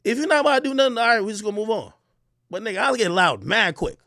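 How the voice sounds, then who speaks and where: Loud, boastful young man ranting on a stream. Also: sits high, expressive, rapid-fire, dry recording, studio quality. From Jamaica. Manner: loud, profane, boastful, swings between shouting and muttering. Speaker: livestream host. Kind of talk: heated ranting livestream.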